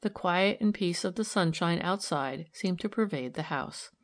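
In a fairly low-pitched voice, an audiobook reader narrates a novel from a script, keeping her delivery steady and measured.

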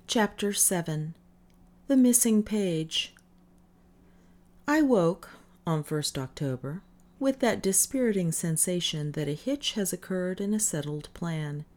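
Woman reading a novel, low-pitched. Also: expressive, darkish tone. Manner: measured storytelling, first-person. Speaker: audiobook reader. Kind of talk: scripted narration.

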